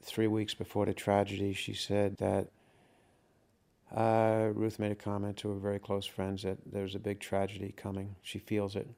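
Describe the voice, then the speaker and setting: A man giving a tour of a garden and house, talking in a halting, reflective way with many fillers. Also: on the low side, completely flat delivery, gravelly, warm tone. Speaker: widower giving a home tour. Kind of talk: interview recollection while walking. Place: garden outdoors. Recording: outdoor noise with passing traffic.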